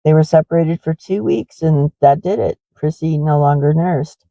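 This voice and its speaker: A woman's voice: low voice, moderate pace, gravelly, mellow, dry recording, muffled recording. A middle-aged woman who runs a horse ranch, rambling in a confessional way with many fillers in a casual walking vlog.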